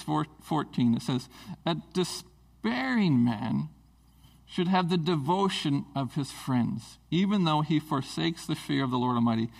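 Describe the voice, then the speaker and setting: Male preacher, slightly high voice with some fry, conversational and earnest sermon delivery. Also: low-quality recording. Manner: casual, earnest, with fillers and restarts.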